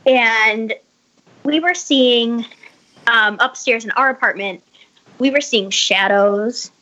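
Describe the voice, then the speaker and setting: A woman's voice: on the high side, takes it slowly, bright, forceful tone, lo-fi sound. A woman telling a story in casual chat over a video call, rambling and full of likes and restarts. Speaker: podcast guest telling a story.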